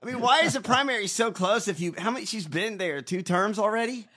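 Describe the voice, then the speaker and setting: A man's voice: sits high, a little fast, bright, forceful tone. A man co-hosting a casual political chat, ranting and mocking with lots of swearing. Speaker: podcast co-host.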